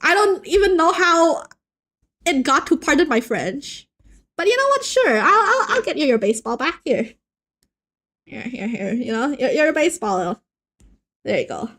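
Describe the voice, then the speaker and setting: High, lively young woman streamer. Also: moderate pace, pauses often. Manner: playful and animated, joking with chat, frequent restarts. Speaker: art streamer. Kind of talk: casual live-stream chat while drawing.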